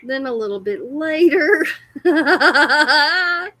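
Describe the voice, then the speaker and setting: Woman, livestream host, high bright voice, unhurried, chatty, laughs a lot. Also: lively intonation, dry recording. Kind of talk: casual livestream chat.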